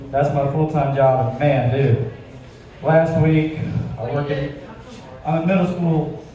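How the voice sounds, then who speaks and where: A man's voice: on the high side, mellow. A man from Georgia, doing a self-deprecating stand-up set and telling stories in a conversational way on a club stage. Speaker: stand-up comedian. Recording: echoey club from far off, crowd. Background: audience.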